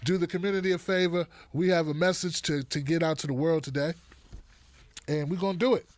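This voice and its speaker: A rather high-voiced man hosts a live online show, brisk and lively as he greets viewers and makes playful asides in casual stream chat. His throat is dry and he keeps clearing it, and the sound is dry and close with no room echo.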